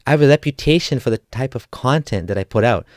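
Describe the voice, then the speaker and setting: A man's voice: mid-range voice, expressive, fast, no room sound, clean studio sound. A man delivering a sarcastic, point-by-point rebuttal in a scripted video monologue. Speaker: ex-Muslim YouTuber. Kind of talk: argumentative response monologue.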